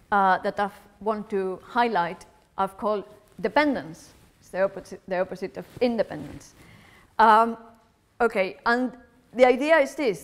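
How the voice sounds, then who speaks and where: Woman, Spanish accent, academic lecture, careful explanatory delivery, lecture hall, middle pitch. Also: fairly bright tone. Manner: careful, explanatory, thinking aloud. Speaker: philosophy lecturer.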